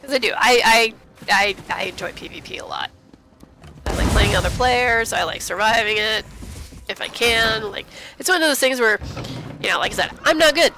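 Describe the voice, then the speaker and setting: A woman's voice: on the high side, moderate pace, sharp tone, faint music behind. A woman streaming a game, chatting casually and giddily, often laughing at herself. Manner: giddy, chatty, self-mocking, laughs often. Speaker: gaming streamer. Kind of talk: casual commentary while playing.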